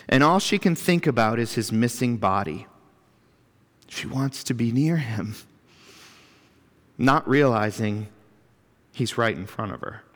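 A man's voice: mid-range voice, fairly bright tone. A man preaching a sermon as pastor in a church, reflective and earnest, building emphasis through lists. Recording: long reverb of a church hall.

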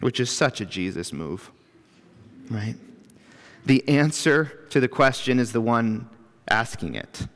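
Male pastor, unhurried, earnest sermon, reverberant sanctuary. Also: mid-range voice, lively intonation, fairly bright tone. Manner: reflective, earnest, builds emphasis through lists. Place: church. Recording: long reverb of a church hall.

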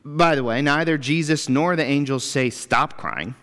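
A man's voice: a little high, fairly even intonation, normal speed, fairly bright tone, smooth. A man preaching a sermon as pastor in a church, reflective and earnest, building emphasis through lists. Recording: long reverb of a church hall.

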